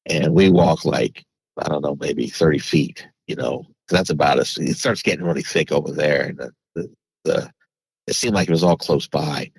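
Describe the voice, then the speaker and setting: Low husky man telling a story. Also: normal speed, dry recording, poor audio. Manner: rambling, many restarts and fillers. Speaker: podcast guest. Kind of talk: casual storytelling.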